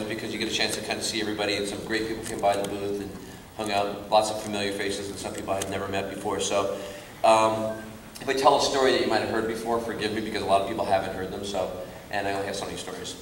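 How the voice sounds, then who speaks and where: A man's voice: lowish voice, level tone, rapid-fire, a bit bright, slight background noise. A man from Scotland, an actor telling chatty, rambling stories at a convention panel. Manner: chatty, rambling, many fillers. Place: large convention hall. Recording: echoey convention hall, distant mic.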